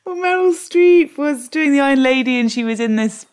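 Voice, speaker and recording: A woman, a guest on a podcast, telling anecdotes in an animated way and laughing often. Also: high-pitched, moderate pace. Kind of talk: interview anecdote.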